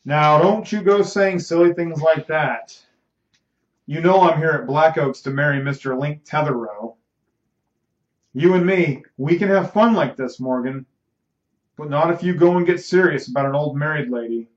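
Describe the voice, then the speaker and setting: A man's voice: a little high, moderate pace, lightly acted. Male reader doing bossy young belle, echoey room, muffled sound. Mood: teasing.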